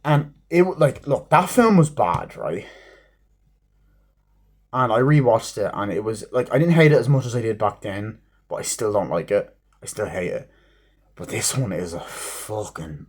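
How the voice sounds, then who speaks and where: A man's voice: medium pitch, husky. A young man giving an exasperated film review, swearing often and filling his talk with "like.". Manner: exasperated, swears a lot, repeats "like". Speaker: movie reviewer.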